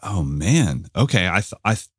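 A man co-hosting a casual podcast, telling stories with animated quoted voices. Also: low-pitched, normal speed, slightly rough, no room sound, studio quality. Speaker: podcast co-host and drum teacher.

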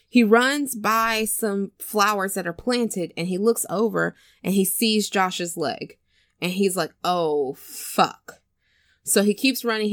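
A woman casually chatting and retelling a film scene, animated and storytelling. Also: medium pitch, dry recording, studio quality. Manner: chatty, animated storyteller who acts out quotes. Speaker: podcast co-host. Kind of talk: casual chat recapping a film.

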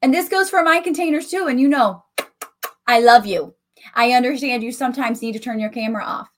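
A woman's voice: fairly high pitch, brisk, fairly bright tone, a little hiss or hum. A woman with a Southern US country accent hosting a casual solo podcast, talking directly and animatedly to her listeners. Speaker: podcast host and coach. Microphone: voice message recording.

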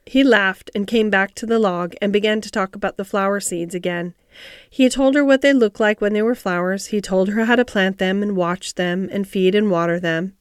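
Woman audiobook narrator, calm measured reading, dry close sound, middle pitch. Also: smooth, dry recording. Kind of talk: scripted storybook narration.

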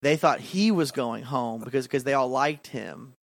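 A man in his twenties telling a story in casual chat, animated and full of fillers. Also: mid-range voice, normal speed, vocal fry, no room sound, studio quality. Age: 20s.

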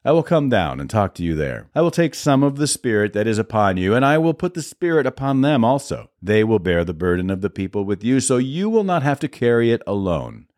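Man reading god, stern and solemn, deep and lively. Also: fairly quick, hardly any pauses. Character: stern, solemn male God pronouncing judgment.

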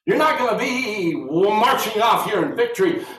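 A man's voice: high-pitched, expressive, moderate pace, a bit bright, pitched above the performer's own voice. Brief: male preacher as a bold young shepherd, declaring and confident, heard from far off. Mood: defiant. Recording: roomy sound from far off.

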